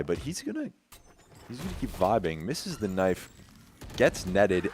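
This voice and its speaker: Deep-voiced male caster, lively swooping delivery, quick play-by-play with stammered restarts, faint noise under the headset mic. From Canada. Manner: rapid play-by-play, stammering restarts, bursts of laughter. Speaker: esports caster. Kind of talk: play-by-play commentary.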